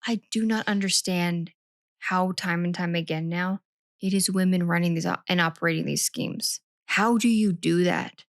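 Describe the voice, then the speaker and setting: A woman co-hosting a podcast, chatty and animated in casual conversation. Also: lowish voice, moderate pace, no echo, clean studio sound. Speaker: podcast co-host. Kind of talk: casual chat.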